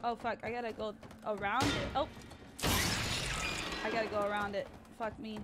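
Excitable swearing woman streamer. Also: fairly high pitch, normal speed, heavy background noise. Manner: excitable, swears a lot, shrieks when scared. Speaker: gaming streamer. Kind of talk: live let's-play commentary.

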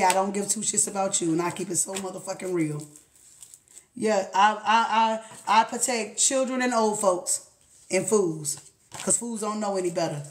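A woman giving a casual motivational talk, blunt and profane, often laughing as she talks to herself. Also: medium pitch. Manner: blunt and profane, swears freely. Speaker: spiritual motivational speaker.

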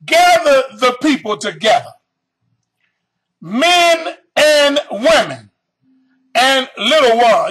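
High, bright-voiced fiery male preacher. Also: expressive, low-quality recording. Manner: fiery, reads scripture slowly then bursts into shouted emphasis; addresses the audience directly with questions. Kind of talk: sermon.

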